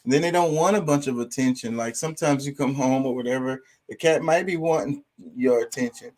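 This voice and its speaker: A man's voice: medium pitch, a little fast, darkish tone. A man talking casually and profanely about pets, rambling with lots of fillers. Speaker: streamer. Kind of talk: casual opinion talk.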